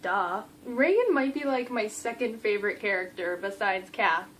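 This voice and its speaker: A young adult woman giving a casual book review vlog, gushing and animated, acting out the characters' lines. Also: fairly high pitch, moderate pace, slight background noise, low-quality recording.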